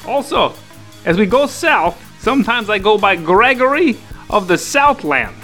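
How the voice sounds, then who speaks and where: Casting note: a man with a high, animated voice, playing his character in a tabletop game, joking around. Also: measured pace, faint music behind. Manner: playful, joking. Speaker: player voicing his character. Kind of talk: in-character tabletop role-play.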